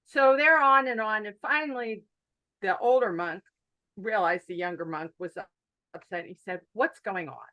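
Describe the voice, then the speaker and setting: A woman teaching an online mindfulness workshop over a video call, animated and emphatic, who repeats her key phrases. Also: mid-range voice, moderate pace, poor audio. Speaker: workshop instructor.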